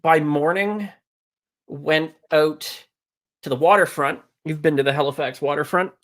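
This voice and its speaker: Canadian guy, kinda high voice, rambling story w lots of uhs and likes. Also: a little slow, a bit bright. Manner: rambling, laid-back anecdote telling with frequent fillers. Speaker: guest musician. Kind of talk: casual storytelling chat.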